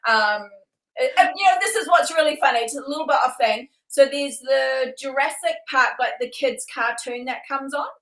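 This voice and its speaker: Young woman podcast co-host, high voice, giggly storyteller, echoey room. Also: normal speed, a bit bright. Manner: giggly storyteller, many you-knows and likes. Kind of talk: casual chat on a podcast.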